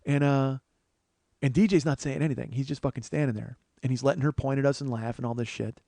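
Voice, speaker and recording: A man in his forties telling a profane, animated comic story on his podcast. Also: medium pitch, vocal fry, no echo. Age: 40s. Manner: profane, animated, quick asides. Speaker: comedian podcast host. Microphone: studio microphone he adjusts.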